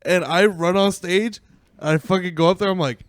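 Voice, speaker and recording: A man's voice: high-pitched, moderate pace, dry recording, clean studio sound. A man, a comedy podcast co-host, telling a loose, profane story with lots of laughter in casual chat. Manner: animated, swearing, laughing through anecdotes.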